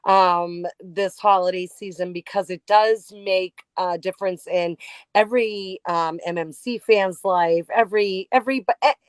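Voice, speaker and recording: Halting woman podcast host on a call. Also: mid-range voice, fairly even intonation, clear, resonant tone, dry recording. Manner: halting, many restarts and fillers. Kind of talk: emotional casual chat. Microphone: remote call.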